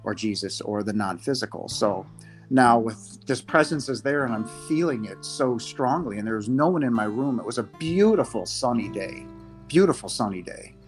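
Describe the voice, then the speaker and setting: A man in his fifties, a podcast guest giving a halting, emotional personal testimony, his voice breaking at times. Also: mid-range voice, animated, soft background music. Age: 50s.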